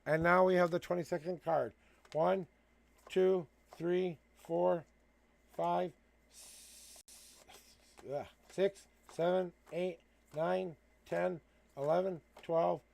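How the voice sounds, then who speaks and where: A man's voice: high voice, fairly even intonation, slow, vocal fry, a little mellow. A man hosting a live tarot reading from home, counting out cards and then giving earnest spiritual encouragement and blessings. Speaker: tarot reader hosting a livestream. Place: at home with a cat.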